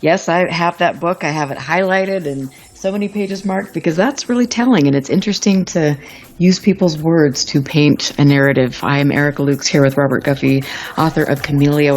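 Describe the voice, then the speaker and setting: A woman's voice: low-pitched, fairly quick, a little mellow. A woman hosting a radio talk show, who briefly introduces her guest before a break.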